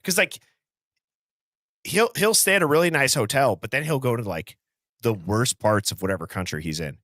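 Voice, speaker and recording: A man's voice: medium pitch, lively intonation, normal speed, fairly bright tone, dry recording, studio quality. A young man co-hosting a podcast in casual chat, talking hesitantly with many fillers and restarts. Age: young adult. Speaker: podcast co-host.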